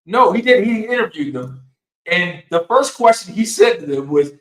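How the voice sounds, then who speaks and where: A man co-hosting a casual podcast chat, telling a story with lots of laughter and a lively delivery. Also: sits high, normal speed, echoey room, low-quality recording. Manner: animated storytelling with frequent laughter. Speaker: podcast co-host.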